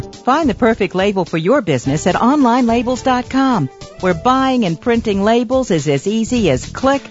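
A woman reading a brisk product advertisement on radio. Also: medium pitch. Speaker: radio ad announcer. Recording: dull radio audio with faint music.

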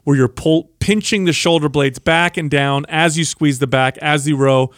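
A man's voice: on the high side, moderate pace, a bit bright, no room sound, studio quality. A man co-hosting a fitness podcast, walking listeners through exercises step by step. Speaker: podcast co-host. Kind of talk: casual fitness podcast chat.

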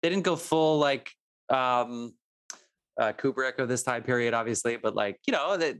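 A man's voice: medium pitch, moderate pace, fairly bright tone, clean tone. A man hosting a casual podcast chat, rambling and restarting his sentences with laughing asides. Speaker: podcast host.

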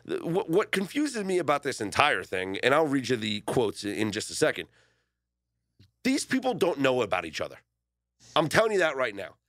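A man's voice: medium pitch, moderate pace, no echo. A man hosting a sports radio show, joking and bantering with his co-hosts in a studio. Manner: joking, animated, reads quotes aloud. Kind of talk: casual sports talk banter. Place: radio studio in Las Vegas. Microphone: studio microphone.

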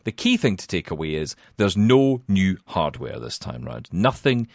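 A man's voice: sits low, sing-song, normal speed, a little mellow, no room sound, studio quality. A man hosting a casual tech podcast, chatty and self-mocking with lots of fillers. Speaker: podcast host.

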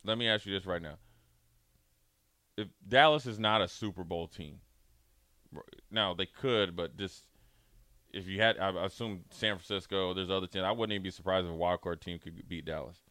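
A man's voice: deep voice, moderate pace, sharp tone, dry recording. A man talking sports in a playful, riffing debate, spinning out game scenarios. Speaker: sports talk host.

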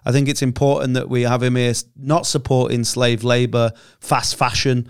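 A man's voice: mid-range voice, little pitch movement, normal speed, clear, resonant tone, no room sound, clean studio sound. A man co-hosting a podcast, reading a support appeal in a mock-serious, playful way. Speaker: podcast co-host. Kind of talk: ad read.

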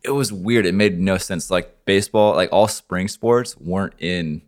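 A young man from Oregon chatting on a podcast. His voice is very low, and he talks in a relaxed, offhand way with casual swearing. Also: normal speed. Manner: laid-back, swears casually. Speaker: podcast co-host.

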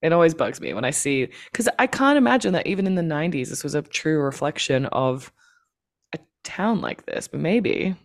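A woman co-hosts a casual film podcast with a low, dusky voice. She rambles through her thoughts in quick, chatty bursts. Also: big pitch swings. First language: not American. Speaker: podcast co-host.

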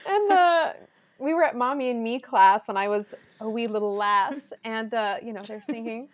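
A woman in her twenties tells family stories as a podcast guest, her voice sitting high. She is animated and laughs often, slipping into the voices of the people she quotes. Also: moderate pace. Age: 20s. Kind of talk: casual storytelling chat.

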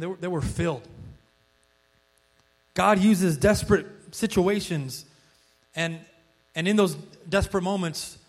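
High-voiced male pastor preaching. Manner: conversational storytelling, frequent restarts, rising excitement when acting out quotes. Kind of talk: sermon.

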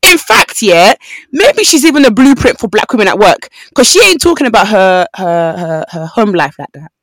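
A woman's voice: mid-range voice, normal speed, no echo. A young woman, chatting casually as a podcast co-host and telling stories with acted-out quotes. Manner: animated storytelling with voiced quotes. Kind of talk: casual chat.

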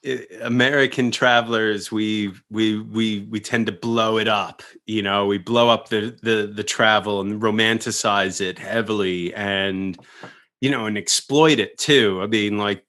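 A man's voice: fairly low pitch, unhurried. A man from Long Island in casual conversation, telling stories with frequent laughter. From Long Island, New York. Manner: laughs often, animated storytelling. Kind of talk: casual chat.

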